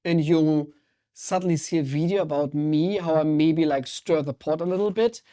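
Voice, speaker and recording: Mellow-voiced energetic German-accented man. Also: a little high, normal speed. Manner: energetic, intense, emphatic. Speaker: guest, water sommelier. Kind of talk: podcast interview conversation.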